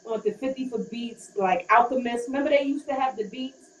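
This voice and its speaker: A woman rapper from Queens, New York, chatting casually in an interview with a relaxed, rambling manner and many fillers. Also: fairly high pitch, fairly quick. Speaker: rapper guest. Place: hotel room while getting ready. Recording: roomy, distant, faint background noise.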